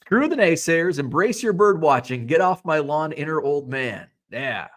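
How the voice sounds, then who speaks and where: A man from Illinois hosts a relaxed live stream, his voice sitting a little high for a man. He works through viewer comments one by one, reading each aloud and tossing back a wry remark. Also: moderate pace. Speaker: host of a sports card hobby show. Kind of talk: casual live-stream chat.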